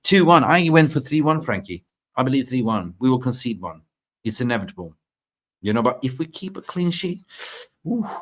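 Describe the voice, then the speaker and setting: A man from Sweden hosting a fan live stream, chatting excitably and reading out viewer comments. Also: mid-range voice, moderate pace. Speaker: fan channel host. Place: in Thailand.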